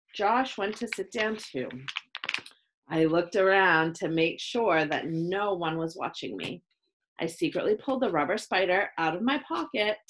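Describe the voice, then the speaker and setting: A woman reading a children's chapter book aloud in a slow, expressive storytelling manner. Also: on the low side.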